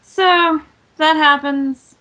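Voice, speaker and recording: A woman's voice: sits high, steady tone, extremely slow, pushed and bright. A woman co-hosting a podcast, recapping wrestling in blunt, sarcastic casual chat and swearing freely. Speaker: podcast co-host.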